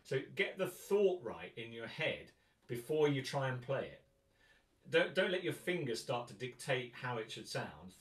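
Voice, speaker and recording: A man from England teaching a guitar workshop, thinking aloud in a relaxed way and singing rhythms to count them out. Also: lowish voice. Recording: roomy, distant mic with loud guitar.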